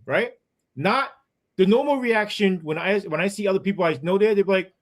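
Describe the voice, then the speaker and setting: A man's voice: high-pitched, expressive, fast talker. A man, a former police sergeant who tells his story as a podcast guest in a heated, profane way, full of asides.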